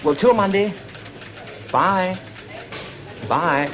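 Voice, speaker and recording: An actor playing a prim, flustered who stammers in a TV sketch comedy. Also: male voice, sits high, extremely slow, background noise. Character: posh upper-class Englishman, flustered.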